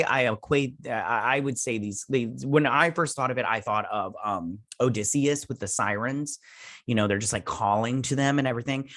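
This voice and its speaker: A man's voice: on the low side, a bit bright, no room sound, clean studio sound. A man hosting a review channel, recapping an episode in a loose, rambling way with many fillers and restarts, now and then doing playful voices for the characters. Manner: rambling, hesitant, lots of filler words and restarts. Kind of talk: casual plot recap.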